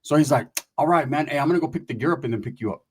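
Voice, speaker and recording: Profane storytelling man, fairly high voice. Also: rapid-fire, darkish tone, a little hiss or hum. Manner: profane, slangy, acts out quoted voices. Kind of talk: casual storytelling.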